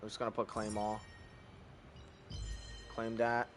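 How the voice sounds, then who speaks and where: A young man giving relaxed, chatty commentary over his game, thinking aloud and swearing casually. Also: lowish voice, measured pace, faint music behind. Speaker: gaming YouTuber.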